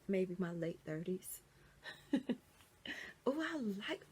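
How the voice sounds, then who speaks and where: A woman's voice: fairly low pitch, sing-song, slow, long pauses, a little mellow, a little hiss or hum. A middle-aged woman chatting casually in a wig unboxing vlog, talking to viewers as y'all, dropping into whispers and squealing with delight. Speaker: wig reviewer.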